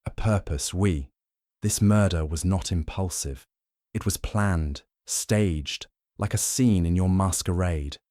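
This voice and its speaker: A man voicing a shrewd older male detective who asks measured, pointed questions in an audiobook. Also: deep voice, dark tone, no room sound, clean studio sound. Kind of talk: audiobook narration.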